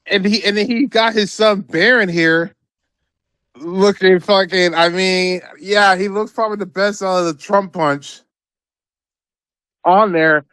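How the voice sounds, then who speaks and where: A man with a high voice rants about the news as a podcast co-host. His talk is profane and rambling, full of repeated words, and his voice sounds close and dry. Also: steady tone, a little slow, a bit bright, clear, resonant tone, dry recording. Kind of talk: casual political commentary.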